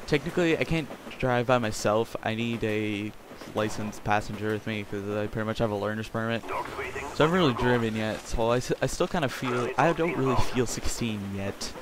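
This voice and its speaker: A man's voice: medium pitch, moderate pace. A sixteen-year-old boy from Canada, rambling crudely and jokingly through casual gameplay commentary. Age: teens. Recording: game gunfire noise behind voice.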